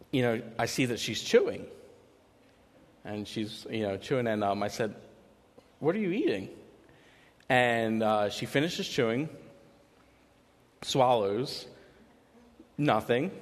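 A man preaching a conversational sermon, telling a story informally with many "you know" fillers and restarts. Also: medium pitch. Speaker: pastor. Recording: long reverb of a large hall.

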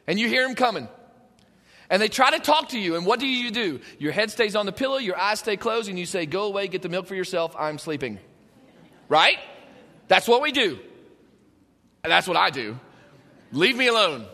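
A man preaching a sermon, telling the story in an animated way and acting out the scenes. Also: high voice, long reverb tail. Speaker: pastor.

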